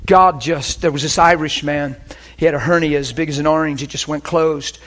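A man preaching and telling healing stories, swinging between hushed and loud. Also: fairly high pitch, steady tone, moderate pace. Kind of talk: sermon with healing testimony.

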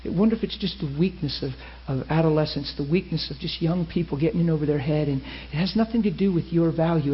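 A man preaching a sermon, telling a story with lively acted-out quotes. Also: on the high side. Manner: animated, acts out quoted voices. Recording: muffled lo-fi sermon recording.

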